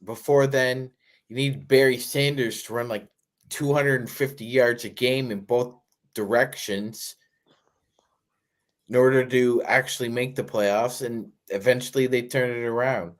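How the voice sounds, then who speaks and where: A man co-hosting a sports fan show, explaining his point in a measured way. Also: mid-range voice, steady tone. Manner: measured, explanatory, profane when heated. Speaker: podcast co-host. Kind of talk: sports talk commentary.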